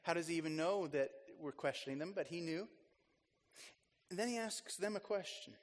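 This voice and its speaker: High-voiced male pastor in echoing church. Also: animated, normal speed. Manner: chatty and storytelling, with frequent restarts and asides. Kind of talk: conversational sermon.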